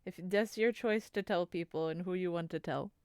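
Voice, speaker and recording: Woman streamer, dry close mic, smooth clear voice, doting, cutesy slang. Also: on the low side, moderate pace, a little mellow, no room sound. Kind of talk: casual live-stream chat, reading chat.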